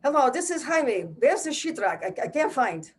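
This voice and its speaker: A flustered, pushy builder demands answers on the phone, his voice pitched up and pressing, as a woman acts him out. He sounds rushed and insistent. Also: very animated, breathy edge, full character voice. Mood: impatient.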